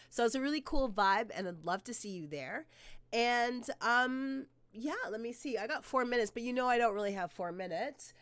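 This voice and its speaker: A woman's voice: medium pitch, no echo. A woman hosting her weekly live stream, chatting casually and energetically with viewers while sounding a bit sick.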